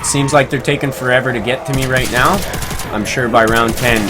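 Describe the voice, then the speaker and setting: A man's voice: medium pitch, fairly even intonation, a little fast, over music. A man streaming a game live, chatting casually, reading viewer comments aloud and laughing easily. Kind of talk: casual live-stream chat while gaming.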